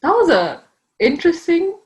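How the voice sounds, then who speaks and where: A woman's voice: very high voice, sing-song, moderate pace. A young woman co-hosting a podcast, chatting casually, giggling often and reading out the questions. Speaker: podcast co-host. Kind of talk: casual chat.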